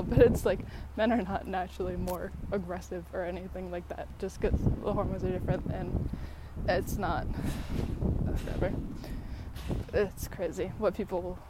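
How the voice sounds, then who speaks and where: A breathy, out-of-breath woman talks in a loose, rambling way, full of fillers and little laughs, while she walks outside. Her voice sits at an ordinary middle pitch. Steady outdoor noise runs clearly behind her on the phone recording. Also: brisk. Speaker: vlogger. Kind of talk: casual rambling talk to camera while walking. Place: outdoors on a walk, birds about.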